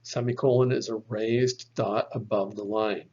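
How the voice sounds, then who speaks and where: A man teaching a slide lesson, explaining slowly and patiently with the odd filler. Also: on the low side, fairly even intonation, a little mellow, husky. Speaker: Bible language teacher. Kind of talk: slide lecture. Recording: dull lo-fi recording.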